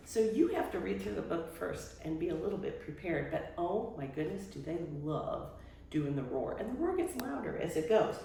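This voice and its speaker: Older woman, retired children's librarian, lively swooping delivery, echoey room, mic at a distance. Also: on the low side, moderate pace, vocal fry, slight background noise. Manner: animated storytime voice, big swoops and playful exclamations. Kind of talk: reading-aloud workshop demonstration. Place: workshop room.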